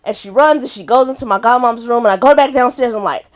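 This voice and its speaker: A young woman doing stand-up at an open mic on a comedy club stage, telling a story with a giggly, animated delivery and loud acted-out voices. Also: on the high side, fast talker.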